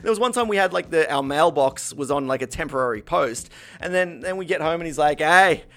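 A man's voice: fairly high pitch, lively intonation, a little fast, fairly bright tone. A young man, a podcast host telling a story in casual chat, acting out other voices and swearing a lot. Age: 20s.

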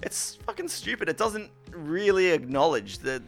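Animated, swearing storyteller man. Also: fairly high pitch, normal speed, faint music behind. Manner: profane, animated, mock-ranting when quoting himself. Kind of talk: casual storytelling chat.

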